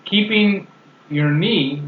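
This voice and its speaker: A man with a somewhat high voice offers measured replies on a casual podcast. The room sounds roomy, and the audio is dull with a faint hiss. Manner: measured, brief replies and backchannels. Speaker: podcast co-host.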